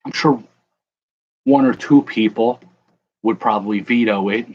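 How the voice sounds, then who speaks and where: A man's voice: on the low side, measured pace, a little mellow, dull audio, a little hiss or hum. A young man casually chatting with viewers on a livestream while he opens card packs, joking and calling out people in the chat by name. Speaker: card breaker livestream host.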